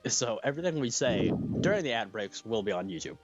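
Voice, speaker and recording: Male podcast host, slight lisp, lively up-and-down delivery, a bit low-pitched, dull lo-fi stream sound. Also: moderate pace, soft background music. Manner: chatty, laughs often, restarts sentences. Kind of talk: casual chat.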